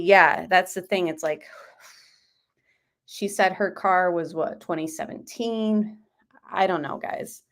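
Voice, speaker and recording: A woman's voice: fairly low pitch, fairly bright tone. Rambling woman true crime streamer. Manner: rambling, many fillers and hedges. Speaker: true crime livestream host. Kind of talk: casual livestream commentary.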